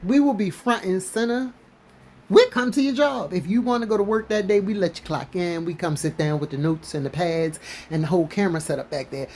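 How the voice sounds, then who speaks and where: A woman's voice: fairly low pitch, fairly quick, darkish tone. Sassy woman vlogger, mocking questions, faint background noise. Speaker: commentary vlogger. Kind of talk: casual commentary while cooking.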